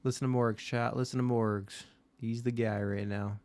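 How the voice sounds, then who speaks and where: A man's voice: mid-range voice, steady tone, normal speed, a little mellow. A man hosting a live watch-party stream, talking straight to his chat in a blunt, casual way with some swearing.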